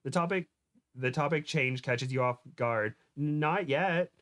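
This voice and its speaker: A man hosting a comedy podcast, reading fan fiction aloud with stumbles, giggles and quick shifts into character voices. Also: on the high side, fairly bright tone.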